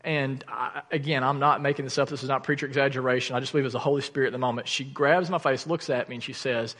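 Earnest pastor in a reverberant hall. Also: male voice, medium pitch, fast, hardly any pauses. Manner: earnest, animated storytelling, drops to soft intensity. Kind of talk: sermon with personal story. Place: church sanctuary.

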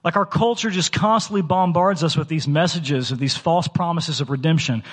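A man's voice: fairly high pitch, normal speed, hardly any pauses, long reverb tail. A man in his thirties preaching a sermon as a church pastor, talking in a conversational, earnest way with many fillers and restarts. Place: church sanctuary.

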